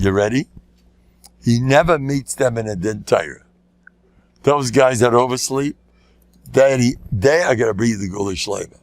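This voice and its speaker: An older man, a rabbi giving a lecture, telling stories with jokes, often breaking off, repeating words and laughing at his own lines. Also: no echo. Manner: animated, jumps into loud high voices for quoted lines. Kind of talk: storytelling talk with jokes.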